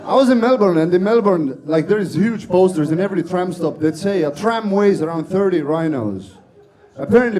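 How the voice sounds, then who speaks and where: A man from Estonia with an Estonian accent doing an open-mic stand-up set, deadpan and sweary, laughing at his own jokes. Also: sits high. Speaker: stand-up comedian. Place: comedy club stage with audience.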